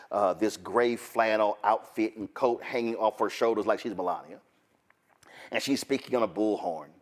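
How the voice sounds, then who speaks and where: A male talk show host doing a commentary monologue, telling a story with asides to his audience. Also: on the low side.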